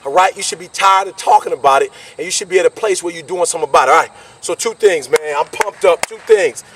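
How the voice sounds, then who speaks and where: A man giving an energetic motivational speech, repeating his points and pushing the listener hard. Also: a little high, fast, distant mic. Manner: energetic, preachy, repetitive call-and-response. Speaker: motivational speaker.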